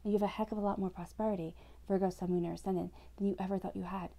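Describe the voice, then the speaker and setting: A woman talks the listener through a tarot spread in a calm, reassuring flow. Her voice is dark and slightly gravelly, and her pitch stays fairly level throughout. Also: rapid-fire. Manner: flowing, reassuring, addresses listener directly. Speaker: tarot reader. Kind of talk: scripted-free spoken tarot reading to camera.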